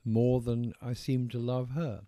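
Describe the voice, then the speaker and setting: An older man with a posh English accent, his voice mellow and dark, talking slowly and reflectively as an interviewed author. He often stops, restarts and circles back to a thought. The sound is close and dry, with no room around it. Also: mid-range voice, little pitch movement, no echo.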